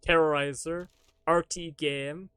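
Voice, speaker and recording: A male streamer talking casually to his viewers as he plays, rambling from one joke to the next with the odd offhand curse. His voice sits a little high for a man, and the sound is close and dry, with no room around it. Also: fairly even intonation, slow, fairly bright tone, clean tone, no echo. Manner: rambling, joking, swears casually. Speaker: live streamer. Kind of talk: casual live-stream chat while gaming.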